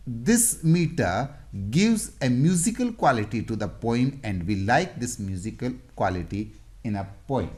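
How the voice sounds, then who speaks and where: Patient teacher who sounds out each example word; needs a slow, sing-song delivery. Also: medium pitch. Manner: repeats and sounds out example words. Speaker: English teacher. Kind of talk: explanatory lesson.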